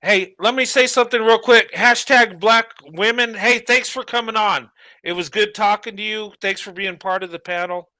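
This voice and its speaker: Brief: bright, crisp-voiced live stream host, friendly, dry close sound. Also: medium pitch, steady tone, normal speed, no room sound.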